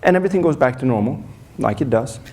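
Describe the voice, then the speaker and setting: A man's voice: medium pitch, fast talker. Man on a conference stage telling a story, jokes at his own expense, stumbles and restarts. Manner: animated storyteller, acts out scenes, frequent restarts; self-deprecating humor. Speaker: performance coach.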